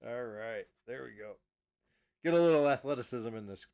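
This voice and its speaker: A man hosting an interview, firing off quick questions and laughing often. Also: medium pitch, darkish tone, smooth. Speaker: interview host. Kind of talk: casual interview chat.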